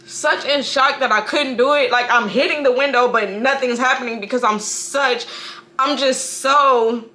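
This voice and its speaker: A mother speaking to camera about a personal loss, halting and emotional, often restarting her sentences. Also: high voice, sharp tone. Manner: halting, emotional storytelling with frequent restarts and profanity.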